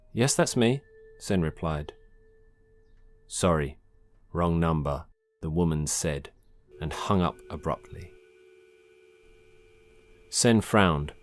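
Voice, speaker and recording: A man narrates a story in a calm, measured way. His voice sits very low, and a faint hiss runs beneath the reading. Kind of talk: scripted narration.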